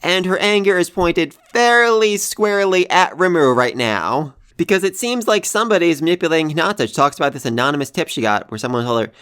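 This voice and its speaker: A man reviewing an anime episode, talking in an animated way that swings from hushed sighs to loud exclamations. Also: a little high, fast talker, few pauses, smooth.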